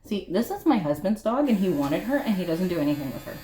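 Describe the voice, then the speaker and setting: A woman's voice: on the low side, big pitch swings, quick pace, dark tone. Chatty woman grooming her dogs, echoey room. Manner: chatty, teasing, talks to the dog and viewers in turn. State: sweaty from the effort. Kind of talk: casual chat while working. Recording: echoey room with faint clipper hum.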